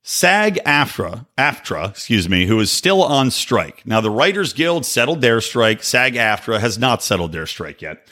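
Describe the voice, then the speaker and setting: A man's voice: on the low side, a bit bright. A man hosting a podcast, delivering sarcastic, opinionated political commentary with joking asides. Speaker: podcast host.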